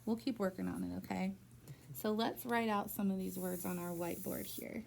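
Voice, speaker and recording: A woman teacher giving a patient one-on-one phonics lesson in a school room, slowly stretching out words to model their syllables. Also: mid-range voice, fairly even intonation, vocal fry, darkish tone, slight background noise.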